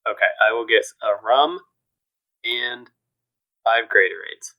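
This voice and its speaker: A man's voice: on the low side, slow pace, highs cut off. A man playing in a tabletop game, joking and bantering with the others. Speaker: player. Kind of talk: casual game talk.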